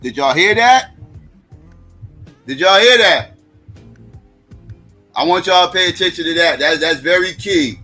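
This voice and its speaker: Man, live stream host, profane rant, high voice, bright and sharp, faint music behind. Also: animated, measured pace, pauses often. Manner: heated, blunt and repetitive, addressing viewers directly. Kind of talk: profane political commentary.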